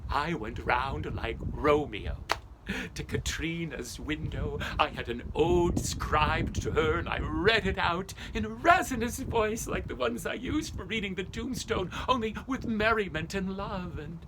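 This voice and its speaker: A male storyteller performing as an old, love-lorn schoolmaster, Ichabod Crane, telling the tale in a theatrical first-person style that drops into hushed whispers. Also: high voice, measured pace. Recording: noisy background hiss.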